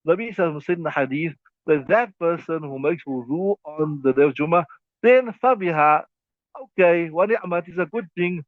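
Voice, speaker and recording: A man with a fairly high voice teaches a classroom lesson from an Islamic legal text, explaining each point slowly and step by step while often checking in with "right?". The recording is thin, phone-like, and dry, with no room sound.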